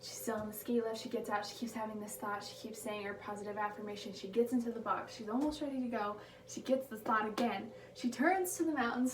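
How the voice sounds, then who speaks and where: A woman delivering a prepared motivational speech, slowing down to stress her key phrases. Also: fairly high pitch, fairly even intonation, distant mic. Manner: emphatic, slows down on key phrases. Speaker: speaker giving a motivational speech. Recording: echoey room taken from afar, background noise.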